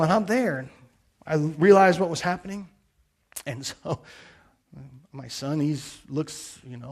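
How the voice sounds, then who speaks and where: A middle-aged pastor with a slightly high, fairly bright voice preaches a sermon. He earnestly tells a personal story, quoting blessings along the way.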